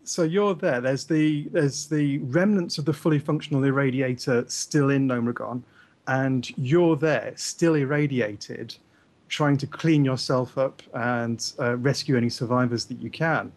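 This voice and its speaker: A man talking casually about games with a mid-pitched voice. He explains things with real enthusiasm but halts often, filling the gaps with ums and uhs. His tone is that of an easygoing co-host. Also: unhurried, darkish tone. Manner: enthusiastic, hesitant explainer with many fillers. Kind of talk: casual gaming chat.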